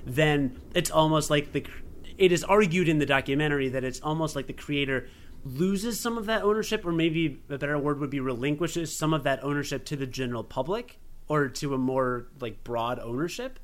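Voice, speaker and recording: A young man from the United States co-hosts a laid-back podcast. His voice sits a little high, and he wanders through his thoughts, restarting sentences and poking fun at himself. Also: brisk. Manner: rambling, self-deprecating, frequent restarts. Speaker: podcast co-host. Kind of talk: casual chat.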